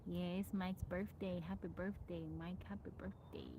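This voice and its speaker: A woman's voice: lowish voice, little pitch movement, moderate pace, background noise. Chatty woman hosting a livestream. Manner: reads out folksy sayings and greets viewers by name. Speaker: livestream host. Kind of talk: casual livestream chat.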